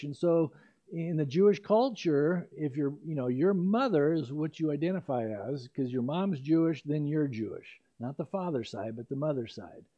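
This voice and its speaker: Older pastor with a mellow voice. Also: male voice, on the high side. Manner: conversational, self-correcting, with frequent fillers and asides. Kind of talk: expository sermon. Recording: dull lo-fi recording.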